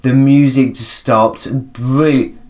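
A man's voice: medium pitch, fairly even intonation, takes it slowly, warm tone. A man casually commentating his horror game playthrough, swearing and laughing at himself. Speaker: gaming channel host. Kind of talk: let's play commentary.

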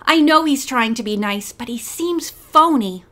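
A woman's voice: high voice, animated, measured pace, fairly bright tone. Woman voicing a plaintive chatty teen girl. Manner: plaintive, protesting. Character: anxious, chatty teenage girl model.

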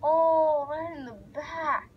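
A young woman giving rambling, excitable let's play commentary as she narrates a game aloud. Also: sits high, slow pace, highs cut off, a little hiss or hum. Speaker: gamer.

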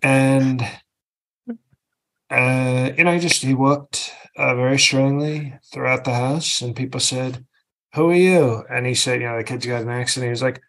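A comedian putting on a boastful older politician who rambles, stalls on "uh" and "you know," and veers from one tangent to the next. His voice sits at an ordinary middle pitch, delivered in a meandering comic podcast style. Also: steady tone, moderate pace, fairly bright tone, lightly acted. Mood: rambling. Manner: meandering, self-interrupting, digressive bragging.

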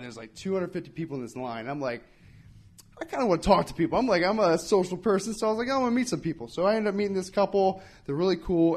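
A young man performing a stand-up comedy set at a live event, telling a story with lively voices for the people in it. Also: high-pitched. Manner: animated storytelling, acts out characters with shouts and whispers. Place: live podcast event before an audience.

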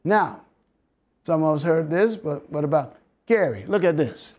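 A man's voice: fairly high pitch, animated, unhurried, darkish tone. A man with a Southern American accent giving an interactive Bible health lesson, preaching and coaxing the audience with questions and chuckles. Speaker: health lecturer.

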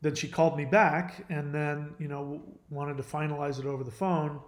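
A man's voice: fairly high pitch, little pitch movement, normal speed, echoey room. A man hosting his own channel, talking earnestly and confidingly to the viewer in a casual way, often restarting and trailing off. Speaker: channel host. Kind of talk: casual personal talk to camera.

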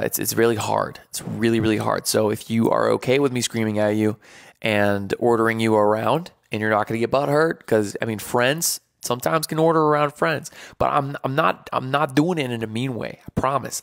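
A man's voice: medium pitch, steady tone, normal speed, gravelly, no room sound, clean studio sound. A man hosting a live stream, joking with viewers, then hyping them up like a playful drill sergeant and counting out numbers. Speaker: livestream host.

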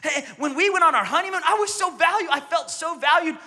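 Guy putting on a whiny wife voice, high and bright, lots of hall echo. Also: a little fast, full character voice. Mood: pleading. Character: complaining wife feeling undervalued.

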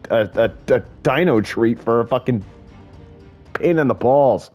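A man giving live gameplay commentary, muttering and swearing to himself, with loud frustrated outbursts. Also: mid-range voice, unhurried, soft background music. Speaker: gaming video host.

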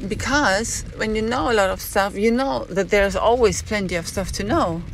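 A woman's voice: mid-range voice, a little hiss or hum. A woman hosting a live stream, musing in a rambling way and stopping often to search for words. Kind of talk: casual live-stream monologue answering chat.

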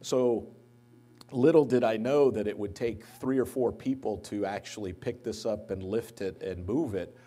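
Man, pastor type, eulogy in a church, lowish mellow voice, storytelling that perks up on quotes. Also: normal speed. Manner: anecdotal storytelling, lively when quoting others. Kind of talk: eulogy at a memorial service. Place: church sanctuary.

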